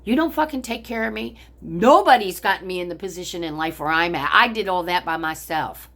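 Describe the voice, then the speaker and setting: An older American woman with a lowish, animated, brisk and slightly bright voice rants at her phone camera at home, a pond visible outside. The vlogger vents about her family in a bitter, profane, angry tirade.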